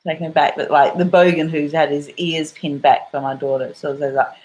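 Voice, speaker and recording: Aussie woman rambling through a story, swears a lot, lowish voice. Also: fairly even intonation, fairly quick, darkish tone, low-quality recording. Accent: Australian. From Australia. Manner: rambling, swearing, full of fillers. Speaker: vlogger. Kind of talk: casual storytelling.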